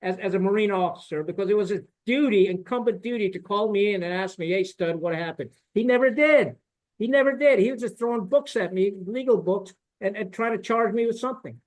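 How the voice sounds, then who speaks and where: A man's voice: high voice, a little fast, hardly any pauses, darkish tone, poor audio. A middle-aged man, a retired military officer, speaking as a podcast guest and telling his story bluntly and indignantly, swearing often and tagging his points with "right?". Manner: blunt, profane and indignant, with frequent fillers and "right?" tags. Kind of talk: candid storytelling in a podcast conversation.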